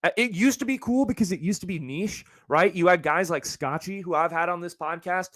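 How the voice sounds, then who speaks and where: A young adult man hosting his solo podcast, ranting in a casual, animated and profane way. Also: high voice, a little fast, no echo, studio quality. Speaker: podcast host.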